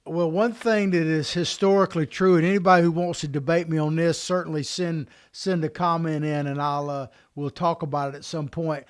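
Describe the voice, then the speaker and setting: A man co-hosting a political podcast, talking emphatically in an animated way. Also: a little high, clear, resonant tone. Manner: animated, emphatic, quick restarts. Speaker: podcast co-host.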